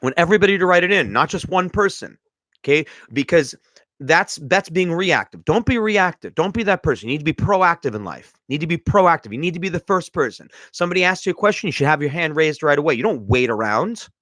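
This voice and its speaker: Man, motivational podcast host, lively swooping voice, a bit high, emphatic and repetitive, dry close sound. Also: fast talker, dry recording. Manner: emphatic, lecturing, repeats points. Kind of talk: motivational livestream talk.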